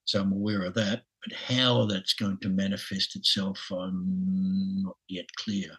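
Man, 60s, Australian accent, fairly low, husky, halting interview talk. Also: level tone, fairly bright tone, rough recording. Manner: halting, many restarts and chuckles. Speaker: podcast guest. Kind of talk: casual interview.

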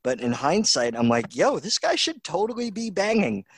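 A man's voice: sits high, very animated, normal speed, husky, no echo. A man co-hosting a podcast in casual chat, amused and laid-back as he recounts film moments. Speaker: podcast co-host.

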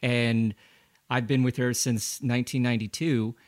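A man's voice: mid-range voice, flat delivery, normal speed, no echo, studio quality. A man who is a former pro cyclist and a guest on a casual interview, telling easygoing anecdotes and acting out the lines he quotes.

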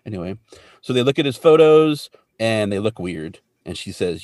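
Gravelly low-voiced man, lively recap. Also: moderate pace, no room sound, studio quality. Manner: animated, jokey, mimics characters in quotes. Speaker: podcast co-host. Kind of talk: casual episode recap chat.

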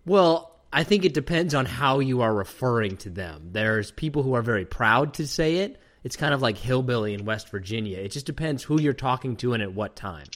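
A male host leading a casual talk segment in a steady, mid-pitched voice. He teases his co-host with dry, deadpan humor. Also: fairly quick, few pauses. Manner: dry, teasing. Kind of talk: casual banter.

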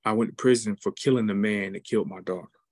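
A man voicing an elderly male ex-prisoner, bitter and broken, in a low and solemn tone within a told story. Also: fast talker, darkish tone, no room sound, clean studio sound, close to an everyday voice.

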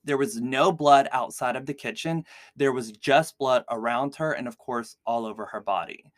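Male podcast host, mid pitch, casual filler-heavy storytelling, dry recording. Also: normal speed, dry recording. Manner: chatty, heavy use of "like" fillers. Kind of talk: casual true-crime storytelling.

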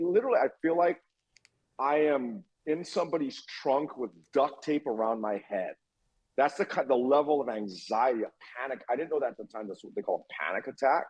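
A man in his fifties, a guest telling his own story in a casual interview, animated and swearing freely as he acts out what people said. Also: mid-range voice, husky, highs cut off.

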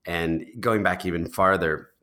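Very deep-voiced man in his thirties. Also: fairly even intonation, measured pace, pushed and bright. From United States. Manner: thoughtful, with frequent ums, uhs and restarts. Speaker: interview guest. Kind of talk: conversational storytelling. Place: New York City.

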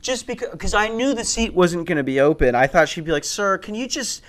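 A man's voice: high voice, expressive, quick pace. Profane young man ranting a stand-up story. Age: 20s. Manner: profane, rambling, getting worked up and ranting. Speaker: stand-up comedian.

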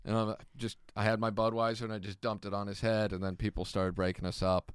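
A man co-hosting a casual comedy chat, telling a story and acting out the people in it with sudden jumps in pitch. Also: fast, smooth, no room sound, studio quality. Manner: animated storyteller, acts out quoted people with big pitch jumps. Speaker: podcast co-host and comic.

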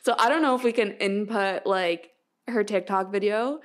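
A woman's voice: mid-range voice, normal speed. A woman in her twenties co-hosting a podcast in casual chat, talking chattily with filler words. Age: 20s. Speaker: podcast co-host.

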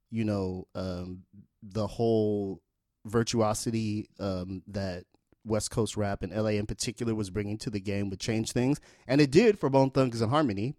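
A man in his forties telling a long casual anecdote in a relaxed, rambling way, with lots of fillers. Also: medium pitch, no echo, clean studio sound. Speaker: storyteller.

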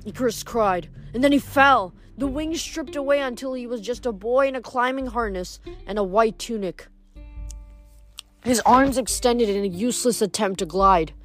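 A woman's voice: on the high side, normal speed, faint music behind. A woman reading chapters of a novel aloud, often stumbling over words and restarting. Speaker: reader.

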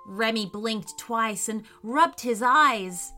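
Woman, children's story narration, bright voice, slightly high pitch, faint music behind. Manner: slow, expressive reading with lively pitch.

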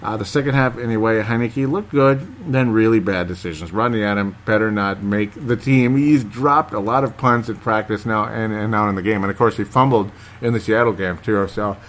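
A man's voice: fairly low pitch, steady tone, normal speed, few pauses. A man hosting a casual sports talk show, reading listener comments and chatting in a rambling, hesitant way with lots of fillers. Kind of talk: casual chat.

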